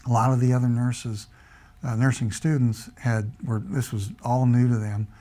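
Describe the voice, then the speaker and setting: An older American man, a retired Air Force officer, tells his memories in a sit-down oral history interview. He talks in a relaxed, storytelling way at a middle pitch and acts out what others said to him. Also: normal speed. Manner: relaxed anecdotal storytelling, acts out quoted dialogue.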